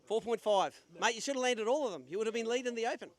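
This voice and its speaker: A very high-pitched, fast-talking man hosts a live fishing weigh-in from an outdoor stage at a sailing club. Chatty and upbeat, he trades jokey banter while running the event and doing quick interviews.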